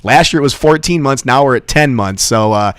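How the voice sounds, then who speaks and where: A man's voice: medium pitch, expressive, fairly quick, fairly bright tone, clear, resonant tone, no echo, studio quality. A man hosting a radio show, chatty and enthusiastic, telling stories to his guest. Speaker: radio host. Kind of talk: casual radio interview.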